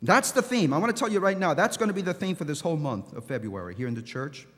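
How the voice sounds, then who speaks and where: Speaking quickly in a fairly high, expressive voice, a male pastor delivers an impassioned sermon full of repetitions and restarts. The long reverb of the large church hall fills the recording.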